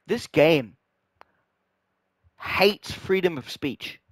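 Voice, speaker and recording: A man's voice: fairly high pitch, animated, drawn-out words, no echo. A young man ranting in frustration about a game, swearing often and sinking into weary resignation. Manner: frustrated, swearing, trailing off deflated. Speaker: gaming vlogger. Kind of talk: angry gaming rant.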